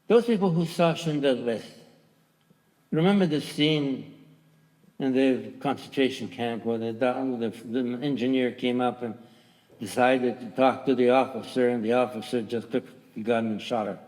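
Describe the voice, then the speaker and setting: An elderly man in his nineties gives spoken testimony from a theatre stage. His mid-pitched voice is halting, with restarts, and grows louder when he quotes others. A long reverb from the hall trails behind each phrase. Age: 90s. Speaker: Holocaust survivor giving testimony. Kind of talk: personal testimony to a large audience.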